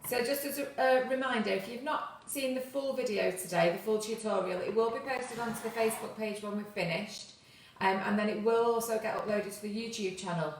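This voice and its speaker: A woman's voice: mid-range voice, fairly quick, few pauses, a little hiss or hum. A woman co-hosting a live cooking stream from behind the camera, reading out comments and reminders. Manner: reads viewer comments, gives reminders. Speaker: co-host on camera duty. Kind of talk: casual live chat. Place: home kitchen. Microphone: far from camera mic. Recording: very echoey, distant kitchen sound.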